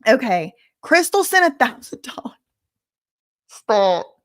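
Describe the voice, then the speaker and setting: A woman's voice: mid-range voice, moderate pace. A woman hosting a casual livestream, chatting, joking and thanking donors. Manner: chatty, animated, joking asides. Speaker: livestream host. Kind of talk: casual livestream chat reading donations.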